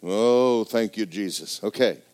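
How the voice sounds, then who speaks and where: A middle-aged man preaching a folksy, joking sermon in a church, swinging between loud exhortation and quiet asides. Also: on the low side, unhurried. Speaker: pastor.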